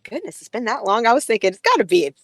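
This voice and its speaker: A woman's voice: a little high, very animated, quick pace, creaky, dry recording, poor audio. A woman co-hosting a podcast in casual chat, playful and teasing, laughing often. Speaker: podcast co-host.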